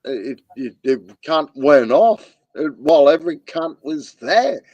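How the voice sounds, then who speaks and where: A man's voice: on the high side, lively intonation, a little slow, darkish tone, dry recording, muffled recording. A man and former soldier in casual chat, talking in a crude, laid-back way. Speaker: podcast co-host, ex-soldier.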